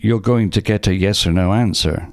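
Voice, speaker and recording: A man's voice: fairly low pitch, normal speed, a little hiss or hum. A man co-hosting a casual podcast over online voice chat, joking playfully and explaining conversation tips.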